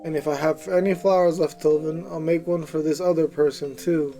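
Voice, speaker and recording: A man reading aloud the lines of a gentle old village woman lost in her memories, in his own plain voice. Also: fairly high pitch, steady tone, a little fast, soft background music, natural voice. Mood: wistful.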